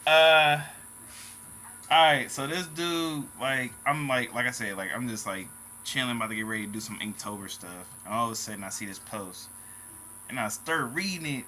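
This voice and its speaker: A man's voice: medium pitch, normal speed, sharp tone, a little hiss or hum. A man hosting a casual vlog, talking in loose slang and calling his viewers bro and dog. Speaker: channel host.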